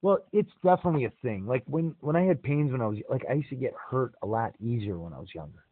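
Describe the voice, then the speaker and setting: Middle-aged guy telling a story on a podcast, gets really animated, thin phone-ish sound, dry. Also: medium pitch, fast, no room sound, narrow, tinny audio. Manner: animated storyteller, acts out quoted voices with big jumps. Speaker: podcast host. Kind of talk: casual storytelling chat.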